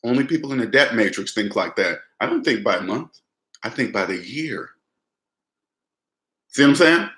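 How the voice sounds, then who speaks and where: Young man, conversational finance talk, repeats himself; bright tone, roomy echo. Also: mid-range voice, expressive, normal speed, pauses often. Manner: conversational, repeats phrases, addresses listener as man. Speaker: personal finance vlogger. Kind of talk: casual talk to camera.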